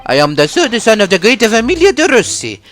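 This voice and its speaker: A man playing a fawning, excitable Italian noble from a video game, eager in a put-on Italian accent. He pitches it high and lively. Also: a little fast, full character voice.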